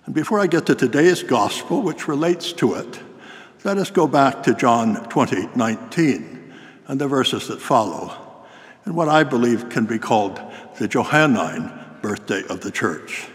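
An older man preaching a sermon in a cathedral, telling a story in a measured, formal way. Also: mid-range voice, expressive. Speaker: priest. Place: large cathedral. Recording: long cathedral reverb.

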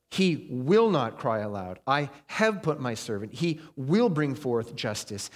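A man preaching a sermon in a conversational way, slowing down and leaning on key phrases. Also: on the high side. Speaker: pastor. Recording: long hall reverb.

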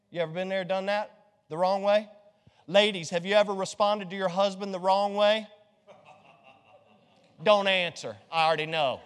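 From the pulpit, a middle-aged man with a strikingly high voice delivers a lively sermon full of jokes, quizzing the congregation with rhetorical questions. A long reverb from the church hall trails every line.

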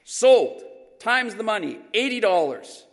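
Guy doing a fast auctioneer rattling off bids, higher and punchy. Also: very animated, exaggerated voice. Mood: brisk chanting. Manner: rapid repetitive bid calling. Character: fast-chanting male auctioneer. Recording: long hall reverb.

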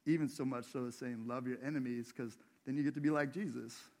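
A man's voice: medium pitch, fairly even intonation, a little fast, creaky, darkish tone. A man preaching a sermon in a church, in a conversational way, putting questions to the congregation. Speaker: pastor.

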